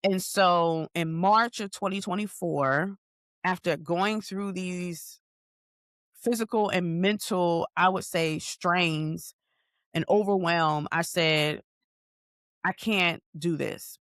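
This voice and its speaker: A woman's voice: fairly low pitch, slow pace, fairly bright tone, no room sound, studio quality. A woman therapist hosting a podcast, telling a personal story in an earnest, candid way and acting out her own past thoughts.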